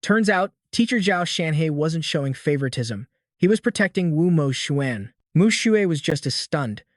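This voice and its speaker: A man's voice: a little high, no room sound, studio quality. A man narrating a comic recap in a dramatic, scripted storytelling manner. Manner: dramatic storytelling, reading all dialogue in one voice.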